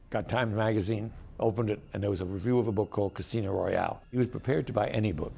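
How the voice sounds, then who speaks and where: A man's voice: sits low, creaky, mellow, husky. An older man, a screenwriter, telling amused, wry anecdotes in a documentary interview.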